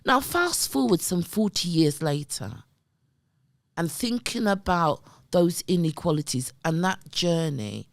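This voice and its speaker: Middle-aged woman telling stories, low-ish voice that swings up and down a lot, keeps going "right?". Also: measured pace, vocal fry, no room sound, studio quality. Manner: emphatic, animated, often addresses the listener with "right?" and "yeah?". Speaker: guest, community development worker. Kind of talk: conversational storytelling.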